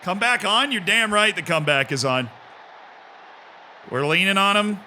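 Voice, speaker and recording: A man streaming a football management game, swinging between low muttering and shouted play-by-play commentary. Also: expressive, moderate pace, a little hiss or hum. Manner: bursts into shouted play-by-play, then mutters to himself.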